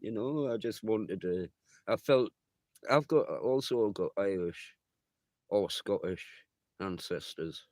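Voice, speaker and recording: A man's voice: on the low side, animated, slow, a little mellow, dry recording. A man chatting loosely with his viewers on a livestream, swearing often and rambling from thought to thought. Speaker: livestreamer reading viewer chat. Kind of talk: rambling casual live chat.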